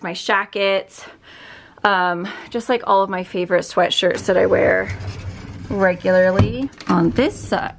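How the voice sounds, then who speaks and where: A woman's voice: medium pitch, creaky, a little hiss or hum. A woman giving a casual, chatty tour of her bedroom filming room as a beauty vlogger, upbeat and full of fillers.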